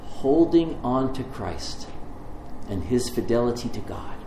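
Man, pastor, sermon, storytelling, animated, echoey room, faint background hiss. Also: mid-range voice, measured pace. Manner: storytelling, animated, stumbling restarts.

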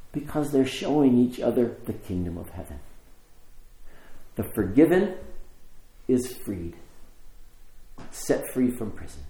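A man giving a sermon, telling a story with pauses and shifting emphasis. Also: mid-range voice, dark tone. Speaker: preacher. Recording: roomy echo.

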